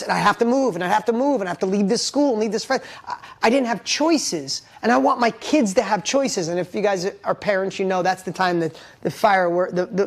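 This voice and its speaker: A middle-aged man and business owner giving an emotional motivational talk, intense and heartfelt, blunt with casual swearing. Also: high voice. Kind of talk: emotional personal storytelling.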